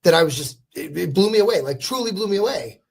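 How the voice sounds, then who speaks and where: A man's voice: sits high, lively intonation, fast talker, vocal fry, slightly rough. A man co-hosting a podcast, speaking earnestly in casual chat and playing out quoted exchanges. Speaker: podcast co-host.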